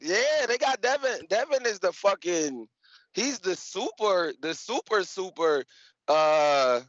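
A man calling in to talk boxing, halting and hesitant with lots of fillers. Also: high-pitched, big pitch swings, fairly bright tone, no echo, highs cut off. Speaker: caller. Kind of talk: casual boxing chat.

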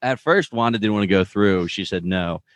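A man's voice: lowish voice, normal speed, dry recording. A man co-hosting a casual podcast, chatty as he recaps a TV episode and acts out quoted lines. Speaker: podcast co-host.

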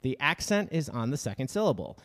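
A man's voice: mid-range voice, sing-song, brisk, long reverb tail. A man co-hosting a podcast in casual chat, joking and reading listener emails aloud. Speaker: podcast co-host.

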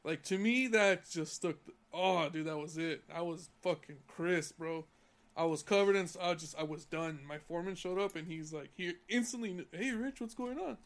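A man's voice: high-pitched, normal speed. A young man from California on a casual podcast, telling a profane, heated story about work. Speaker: podcast co-host.

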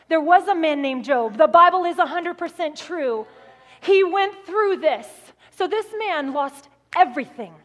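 Brief: woman preacher, high voice, lively storyteller who acts out voices, long church-hall reverb. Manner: animated storytelling, acting out voices. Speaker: guest speaker. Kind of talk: sermon.

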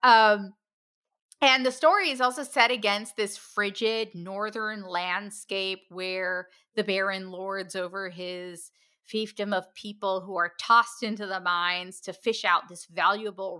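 Woman, podcast co-host, casual book chat, slow unhurried delivery, bright forward tone. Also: mid-range voice, fairly even intonation. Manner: unhurried, self-deprecating about pronunciation.

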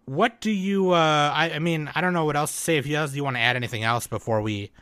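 Male podcast host, bright tone, casual rambling delivery, dry recording. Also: a little high, clean tone, no room sound. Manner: relaxed, rambling with fillers and quick laughs.

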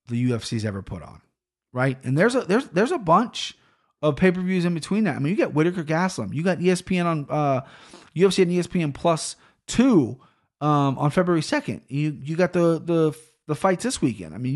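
A man hosting a solo podcast, ranting in a rambling, profane and excitable way into a studio podcast mic at a home recording setup. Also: a little high. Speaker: podcast host.

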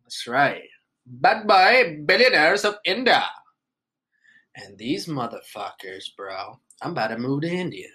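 A man hosts a casual solo podcast in a bright, forceful voice at an everyday middle pitch. He rambles in a laid-back, joking way and swears freely. He has just woken up, sounds a little rough and coughs now and then. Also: poor audio. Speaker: podcast host.

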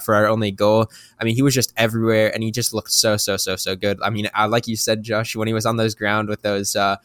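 A man with a fairly low voice talking casually as a sports podcast co-host. He rambles, repeats words and fills gaps with "uh". The sound is dry and close to the mic. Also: fairly bright tone, clear, resonant tone, dry recording.

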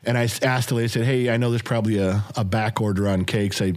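A middle-aged man co-hosting a casual podcast, telling family stories with lots of swearing and acting out quotes in a raised, high voice. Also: fast talker. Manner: animated storyteller, acts out shouted quotes in a high voice, swears freely. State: recovering from illness. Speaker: podcast co-host. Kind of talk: casual storytelling chat.

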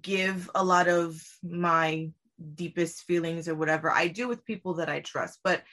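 Bright-voiced young woman in casual chat. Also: fairly low pitch, normal speed. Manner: animated, laughs while telling stories.

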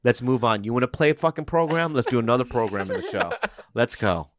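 A man co-hosting a comedy podcast, voice at an ordinary middle pitch, recorded dry and close in a studio. He talks in animated, defensive bursts, stumbles and restarts, and swears casually. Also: fast talker, no echo. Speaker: podcast co-host. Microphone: studio mic.

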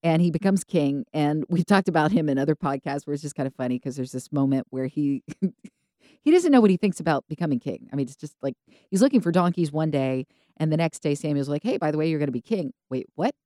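A woman co-hosting a podcast, telling Bible stories casually and acting out the characters in quick voices. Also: low voice, dry recording, studio quality. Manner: animated storytelling, acts out biblical characters in quick voices. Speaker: podcast co-host.

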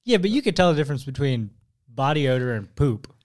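A man's voice: mid-range voice, big pitch swings, fast, darkish tone. A man co-hosting a podcast, chatting casually and chiming in with short agreements. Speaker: podcast co-host. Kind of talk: casual chat.

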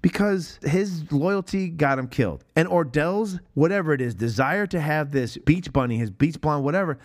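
A man hosting a podcast, talking casually and excitedly about a film, swearing freely and acting out lines from it. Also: on the high side, moderate pace. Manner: excited, profane, acts out movie quotes. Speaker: podcast host.

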